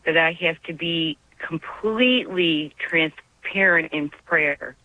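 A woman's voice: low-pitched, slow, a little hiss or hum. A woman calling in to a radio show, talking in an earnest, heartfelt and rambling way. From Arizona. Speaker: caller. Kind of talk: call-in radio chat. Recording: dull phone-line call.

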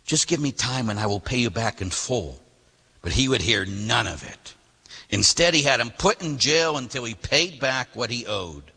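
A priest preaching a sermon, lively and animated, acting out voices from the story he reads. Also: mid-range voice, slightly rough. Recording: long reverb of a large hall.

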